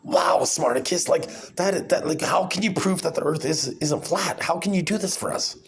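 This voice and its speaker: A man's voice: on the high side, normal speed, pitched above the performer's own voice, lightly acted. A man voicing an eager male questioner who gushes rhetorical questions in an awestruck tone. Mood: gushing.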